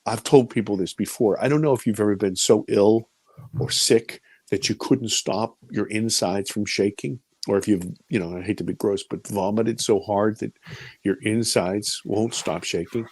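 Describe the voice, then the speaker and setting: A man's voice: fairly low pitch, normal speed, husky, dry recording. Middle-aged man, dry close storytelling voice. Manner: animated and emotional, repeating himself and shifting from loud to hushed. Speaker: film producer and director as interview guest. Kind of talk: personal storytelling in an interview.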